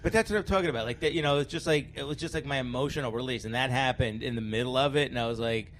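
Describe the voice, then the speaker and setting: A man's voice: mid-range voice, rapid-fire, fairly bright tone, a little hiss or hum. A middle-aged man chatting casually on a podcast, rambling and self-mocking, telling stories with frequent laughs. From Philadelphia area. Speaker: guest comedian. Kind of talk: casual podcast chat, storytelling.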